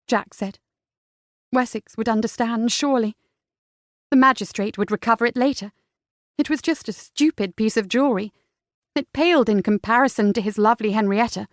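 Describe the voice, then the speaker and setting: A woman's voice: mid-range voice, dry recording. Woman narrating a romance audiobook, dry. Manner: measured storytelling. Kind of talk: scripted narration.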